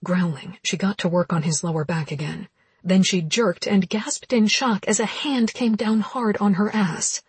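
A woman narrating a romance novel as an audiobook in steady, intimate storytelling. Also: mid-range voice, normal speed, husky, dry recording.

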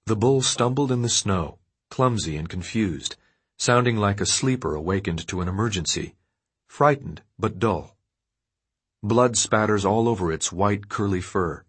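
Husky, low-voiced male narrator. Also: animated, measured pace, fairly bright tone. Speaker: audiobook narrator. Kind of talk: scripted narration of dark fiction.

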